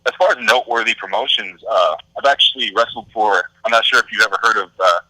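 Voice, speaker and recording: A young man talks about his wrestling career in a relaxed, rambling way. His voice sits fairly low but sounds bright and forward. The recording is dry, with no room around it. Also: fast talker, no echo, rough recording. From Texas. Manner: easygoing, filler-heavy with many "uh" and "you know". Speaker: guest, independent wrestler. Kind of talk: podcast interview answers.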